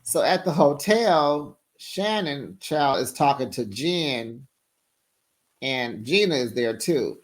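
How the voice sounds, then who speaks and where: A host doing casual recap commentary, telling the story with animated energy and sassy asides like "honey" and "child.". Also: medium pitch, slow. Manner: animated storytelling, acts out quotes.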